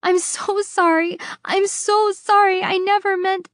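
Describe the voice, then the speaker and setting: A woman's voice: very high voice, flat delivery, measured pace, no echo, clean studio sound, pitched above the performer's own voice. A woman voicing a grief-stricken teenage girl who pleads through sobs in an audiobook. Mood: desperate. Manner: sobbing, pleading.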